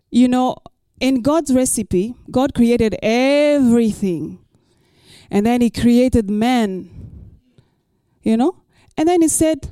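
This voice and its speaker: Woman pastor preaching, higher voice but mellow, dry close sound, says stuff twice for emphasis. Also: expressive, slow, dry recording. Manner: emphatic, repeats key lines. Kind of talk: sermon.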